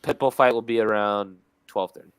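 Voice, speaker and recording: A man's voice: fairly low pitch, fairly even intonation, brisk, clean tone, dry recording. A man co-hosting a casual betting chat, blunt and cursing, who repeats his points. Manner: blunt, repeats himself, swears. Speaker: podcast co-host.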